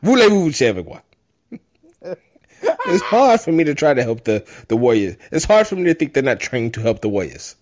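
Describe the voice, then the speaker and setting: A man's voice: medium pitch, sing-song, normal speed, breathy edge. A man doing a playful impression of an aggrieved male pro basketball player complaining about unfair treatment. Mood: whiny. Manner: whiny, mock-indignant, playful impression.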